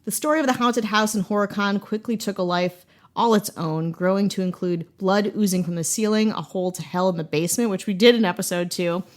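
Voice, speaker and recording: A woman's voice: medium pitch, a little fast. Playful woman podcast host telling a story. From Wisconsin, USA. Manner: playful, jokey asides and laughs while telling a story.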